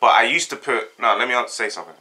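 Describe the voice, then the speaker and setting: Mid-range and quick, with a pushed, bright quality, this young man's voice carries a South London accent. He's a vlogger casually answering a tag, easygoing and jokey, wandering through his answers in heavy slang.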